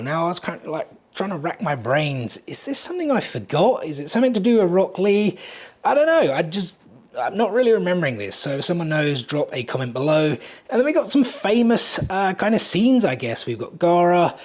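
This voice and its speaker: A young man talks through a hotel room on a handheld camera, casual and chatty. He sounds excited and a little out of breath as he points things out. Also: fairly high pitch. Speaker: vlog host. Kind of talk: casual room-tour vlog.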